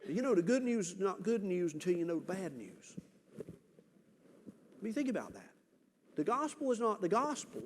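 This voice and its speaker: A man preaches in an earnest, emphatic way, holding dramatic pauses between phrases. His voice sits a little high. The sound rings with long church reverb over a faint room hum. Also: very animated. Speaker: pastor. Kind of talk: sermon. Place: church sanctuary.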